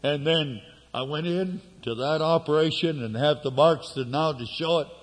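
A man preaching a sermon, telling a personal story with sudden shifts between loud outbursts and hushed asides. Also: fairly high pitch, moderate pace, in a large hall.

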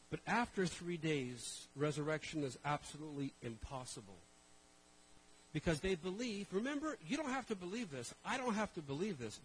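A man preaching a sermon, telling stories in an animated way and calling out to the congregation. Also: on the high side, slight background noise, low-quality recording. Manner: animated storytelling, calls to the congregation. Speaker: pastor.

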